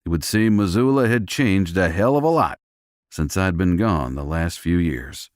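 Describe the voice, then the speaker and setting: A man's voice: deep voice, animated, normal speed, dry recording, studio quality. A man reading a first-person romance audiobook with a gritty, tough-guy delivery. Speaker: audiobook narrator.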